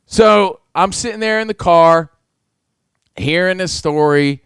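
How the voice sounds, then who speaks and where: A man's voice: high-pitched, slow pace, smooth, no room sound, studio quality. A man co-hosting a radio show, telling a story in casual chat, acting out voices and swearing freely. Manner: animated, acts out quotes, swears a lot.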